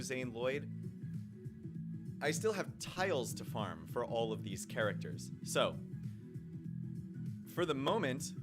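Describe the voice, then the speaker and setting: A man hosting gameplay commentary who goes from calm explaining to loud shouting and cheering. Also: mid-range voice. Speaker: YouTube game host. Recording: music playing behind the voice.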